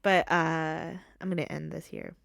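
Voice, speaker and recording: A woman's voice: deep voice, measured pace, gravelly, a bit bright, no echo, studio quality. A woman hosting a casual solo podcast from home, rambling and giggling with self-deprecating asides. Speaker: podcast host. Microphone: podcast microphone.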